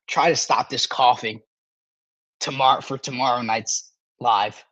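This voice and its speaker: A male sports podcast host talking casually on a live stream, excitable and animated, with a parched throat that keeps making him cough and clear it. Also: mid-range voice, measured pace, dry recording, lo-fi sound.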